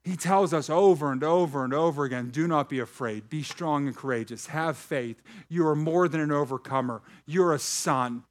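A man's voice: on the high side, moderate pace, few pauses. A man preaching a sermon to a live congregation. He shifts between reading scripture and joking with the crowd. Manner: animated preaching with jokes to the congregation. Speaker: pastor. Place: church hall with a live congregation.

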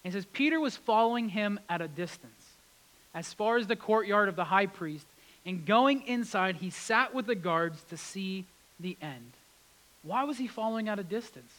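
A man preaching a sermon, retelling scripture with lively acted-out quotes. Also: high voice, normal speed, poor audio. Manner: animated, acts out quotes with rising intensity. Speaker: pastor.

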